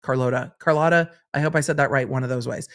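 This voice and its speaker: A woman's voice: very deep voice, fairly even intonation, fast talker. La woman lawyer-host on a live stream, gabby, keeps repeating lines. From Los Angeles. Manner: chatty, repeats phrases for effect. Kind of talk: casual livestream chat reading comments.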